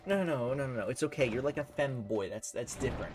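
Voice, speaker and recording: A man's voice: mid-range voice, fast. A man streaming a video game, chatting casually and playfully trash-talking the characters on screen in a mocking, sing-song way. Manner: mocking sing-song taunting, jumps between loud and mumbled. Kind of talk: casual gaming commentary.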